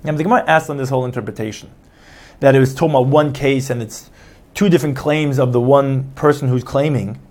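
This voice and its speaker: A man's voice: mid-range voice, steady tone, quick pace, a little mellow. A man giving a Talmud study lecture, explaining step by step, restating each point and acting out the quoted claims. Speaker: Talmud teacher.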